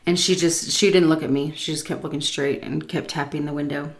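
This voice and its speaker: Woman vlogger, storytelling over dinner, lowish voice, swears, laughs a lot. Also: a little fast. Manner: animated, swears freely, laughs often. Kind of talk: casual storytelling while eating.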